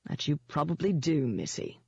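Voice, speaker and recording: A reader voicing a disapproving older male witch healer in an audiobook, curt and gruff. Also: mid-range voice, sing-song, moderate pace, darkish tone, dry recording, heavily acted. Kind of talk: audiobook character voice. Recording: dull, dry lo-fi audio.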